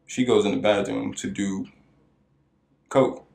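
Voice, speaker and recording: Animated storytelling man, echoey room. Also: unhurried, gravelly. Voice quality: voice cracks high at times. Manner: animated storyteller who acts out quoted voices. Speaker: podcast co-host. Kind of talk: casual storytelling chat.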